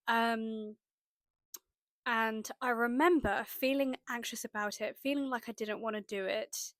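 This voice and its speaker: A young woman from the UK telling a personal story in a chatty, animated way, acting out her own thoughts as she goes. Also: a little high, unhurried, no echo, studio quality. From United Kingdom. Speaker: manifestation vlogger. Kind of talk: casual storytelling to camera.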